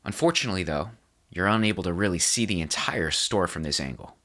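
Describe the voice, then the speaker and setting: A man narrating as game master of a tabletop horror game, describing scenes in a measured way. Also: deep voice, expressive, sharp tone.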